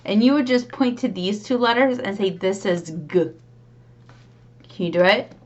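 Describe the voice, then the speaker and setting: A woman's voice: a little high, a little fast, darkish tone, dull audio, slight background noise. A woman reading tutor demonstrating how she teaches children to blend sounds, speaking patiently and encouragingly. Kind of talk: instructional demonstration.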